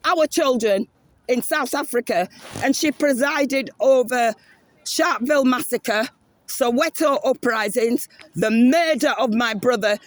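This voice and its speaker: Brief: very high-pitched man, heated protester with a phone camera, dry close sound. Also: dry recording. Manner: impassioned, accusing, repeats demands. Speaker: protester filming a confrontation. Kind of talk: live confrontation filmed on phone. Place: outdoor city park. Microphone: handheld phone camera.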